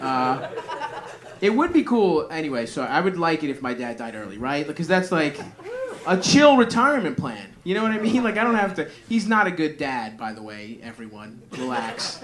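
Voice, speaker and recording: Recorded live before a comedy club audience, this stand-up of Greek heritage works the crowd with crude, meandering bits and laughs at his own material. He's very animated, speaking at a normal speed in a high-ish, slightly bright voice.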